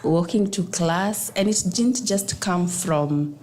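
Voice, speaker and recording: Animated woman telling a personal story. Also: fairly low pitch, takes it slowly, slight background noise. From Africa. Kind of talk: casual panel discussion.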